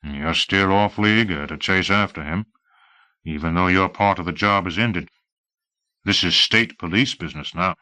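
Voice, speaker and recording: A man voicing a calm older woodsman who talks in a dry way. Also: low-pitched, moderate pace, no echo.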